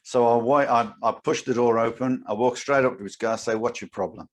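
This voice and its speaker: A man's voice: medium pitch, a little fast. A man, a podcast co-host and driving instructor, telling an anecdote in casual chat and acting out his own lines. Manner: animated storyteller, acts out his own lines.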